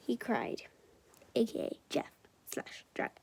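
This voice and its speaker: A woman reads a children's picture book aloud, often sinking into a whisper and stopping for chatty asides. Her voice is high with a gravelly edge. She takes it slowly, with a lively, swooping melody. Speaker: storyteller.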